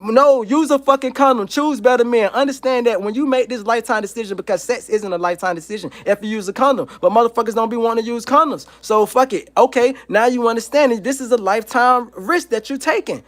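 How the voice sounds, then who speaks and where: High pitched guy ranting on his stream at home, cussing nonstop, repeats himself a lot. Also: quick pace, few pauses, a bit bright. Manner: profane, emphatic, repetitive ranting. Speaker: livestream host. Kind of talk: heated livestream rant.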